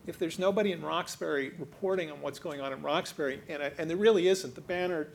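A man answering a question on a public panel in a conversational way, with quick asides. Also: on the high side, gravelly, slight background noise. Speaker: panel speaker.

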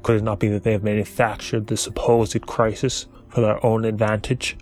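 A man's voice: on the low side, flat delivery, normal speed, darkish tone, faint music behind, voice pushed down, lightly acted. A man doing a nasal, sneering fishy biomancer. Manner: snide and contemptuous. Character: sneering older male fish-like biomancer.

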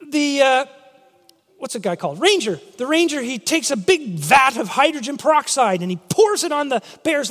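A man preaching a sermon, telling stories in an animated way and acting out the voices in quotes. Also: very high-pitched. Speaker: pastor. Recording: long hall reverb.

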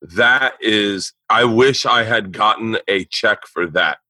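A man's voice: on the low side, slow pace, pushed and bright, dry recording. A man hosting a podcast, chatting casually and telling profane, rambling stories with acted-out dialogue. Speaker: podcast host and comedian. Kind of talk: casual chat, storytelling.

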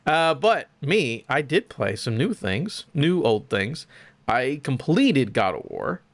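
A young man hosting a podcast, chatting casually about video games in an animated, profane, joking way. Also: mid-range voice, slow pace, dry recording. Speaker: podcast host.

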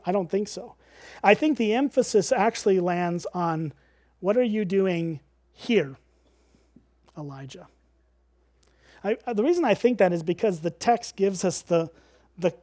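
A man's voice: sits high, a little mellow, no room sound, clean studio sound. A man giving a conversational Bible teaching, explaining as he goes and posing rhetorical questions to his listeners.

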